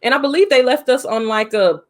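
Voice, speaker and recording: A woman's voice: high voice, brisk. A woman co-hosting a casual film podcast, chatty and playful, laughing often. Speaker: podcast co-host. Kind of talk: casual chat.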